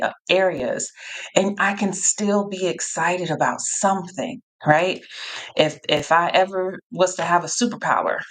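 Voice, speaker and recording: Woman, low voice, live-stream Q&A host, encouraging, repeats herself. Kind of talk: live-streamed Q&A, reading chat replies.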